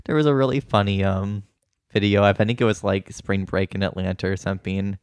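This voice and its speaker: A man's voice: on the low side, fairly even intonation, fairly quick, clear, resonant tone, no room sound. A man co-hosting a podcast in casual comedic chat, chatty and laughing, with many fillers. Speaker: podcast co-host.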